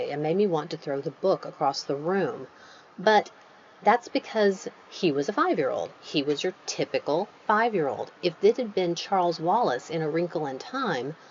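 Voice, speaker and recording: A woman's voice: low-pitched, darkish tone, highs cut off, slight background noise. A woman author giving a conversational lecture on writing, with ums and restarts. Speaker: author teaching a writing workshop.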